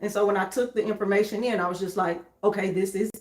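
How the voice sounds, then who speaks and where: A young woman telling her story to her husband in a calm, matter-of-fact way, with many fillers. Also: mid-range voice, fast, reverberant. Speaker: co-host, wife. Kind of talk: candid conversation with her husband.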